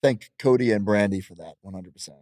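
With a fairly low, dark voice and a fairly quick pace, a wrestler in his thirties boasts brashly and laughs a lot during a relaxed interview chat. The studio-quality recording has no echo.

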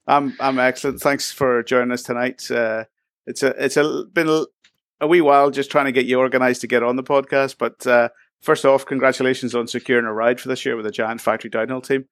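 A man's voice: medium pitch, steady tone, brisk, fairly bright tone, dry recording. Chatty male podcast host, dry sound. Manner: chatty, laughs easily, friendly questioning. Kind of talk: casual podcast interview.

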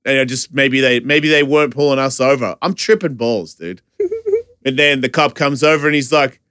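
A man's voice: mid-range voice, moderate pace, clean tone, dry recording, studio quality. A man telling a chaotic story in casual chat, swearing freely and laughing as he goes. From Australia. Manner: animated, profane, laughing storyteller.

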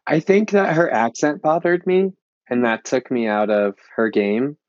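A man's voice: medium pitch, measured pace, no room sound. Chatty man with a dull, dry sound. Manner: chatty, lots of "like". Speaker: panelist. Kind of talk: casual film discussion.

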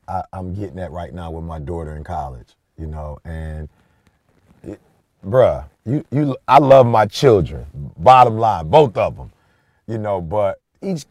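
A middle-aged man co-hosting a podcast, chatting casually and telling an animated, slangy story with lots of emphasis. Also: lowish voice, no echo. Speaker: podcast co-host. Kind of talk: casual chat.

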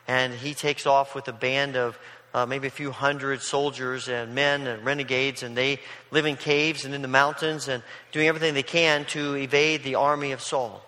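Bright-voiced preacher in a reverberant hall. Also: male voice, medium pitch, steady tone, moderate pace. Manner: storytelling, paraphrasing scripture in casual voices. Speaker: pastor. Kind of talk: sermon.

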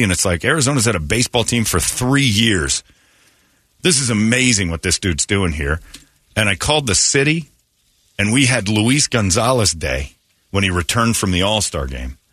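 Middle-aged male morning radio host, low and forceful, dry studio sound, rambling storyteller. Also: dry recording. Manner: rambling storyteller, swings into loud excited mock voices. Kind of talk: casual morning radio talk. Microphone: studio microphone.

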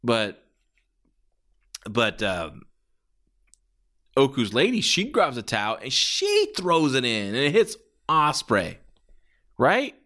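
Male reviewer, casual and profane, restarts a lot, pitch swings widely, mid-range voice. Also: wildly swooping pitch, slow pace, long pauses, pushed and bright. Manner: rambling, swears freely, many restarts. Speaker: wrestling reviewer. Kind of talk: casual spoken match review.

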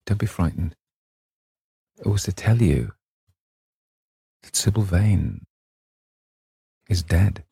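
Male reader doing a suave cynical aristocrat, low dark voice, husky, urbane, audiobook. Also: animated, takes it slowly, long pauses, no echo, clean studio sound, heavily acted. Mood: grave. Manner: urbane, epigrammatic. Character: witty, cynical older aristocratic gentleman.

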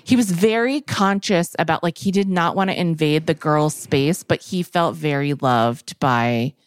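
A middle-aged woman co-hosts a chatty podcast, spinning a long anecdote and popping into little voices for the friends she quotes. Her voice sits a bit low, and the recording is close and dry with no room sound. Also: unhurried, clean tone, dry recording. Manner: animated storyteller, acts out quoted friends. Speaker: podcast co-host. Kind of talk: casual chat.

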